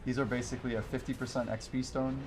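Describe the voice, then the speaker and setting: A man's voice: mid-range voice, level tone, fast, background noise. A man chatting casually while livestreaming a game, answering viewer chat and laughing often. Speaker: game streamer. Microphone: wears headphones while streaming.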